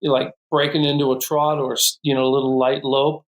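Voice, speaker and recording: A man's voice: medium pitch, level tone, brisk. Storytelling man in an echoey room. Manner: storytelling, laughs often. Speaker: guest falconer. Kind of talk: podcast conversation. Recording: roomy echo.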